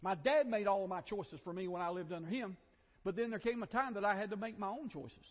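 A Southern American man delivers a conversational sermon in a church, with joking asides and repeated phrases, in a high voice at a quick pace. The recording is a dull, echoey church hall capture.

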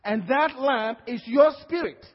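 Male pastor with a Nigerian accent, high and husky, emphatic call-and-response preaching; lo-fi church recording. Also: a little slow. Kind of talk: sermon. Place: church hall. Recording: dull lo-fi sound with long hall reverb.

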